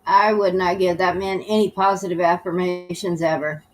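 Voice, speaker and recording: A woman's voice: on the low side, steady tone, normal speed, a little hiss or hum, low-quality recording. A woman co-hosting a casual chat who reads letters aloud and comments on them bluntly. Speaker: co-host reviewing emails.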